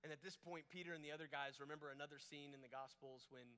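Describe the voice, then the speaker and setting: A man's voice: fairly high pitch, fairly even intonation, fast talker, pushed and bright, clear, resonant tone. A man preaching a casual, storytelling youth camp sermon with playful asides. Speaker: camp speaker. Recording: long reverb of a large hall.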